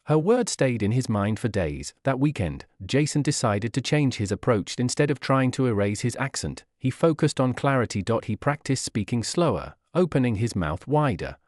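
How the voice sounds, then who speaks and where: Man, graded-reader narrator, clear measured delivery, lively intonation. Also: mid-range voice, no echo, clean studio sound. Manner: clear, measured reading for learners. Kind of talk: scripted storybook narration.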